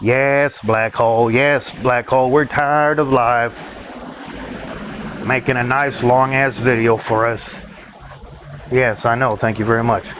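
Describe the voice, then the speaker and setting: Speaking slowly at a middle pitch, a vlogger rants to his audience in a bitter, weary monologue. He swears a lot and gives dry laughs between complaints, while a constant noise and passing vehicles sound in the background.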